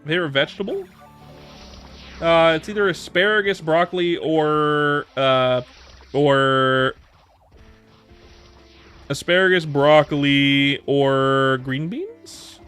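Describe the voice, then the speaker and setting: A man in his thirties with a fairly high voice, chatting casually with his livestream viewers. He rambles through his answers, restarting sentences and repeating words, with faint music playing underneath. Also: steady tone, slow pace, pauses often, a bit bright, smooth. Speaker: streamer.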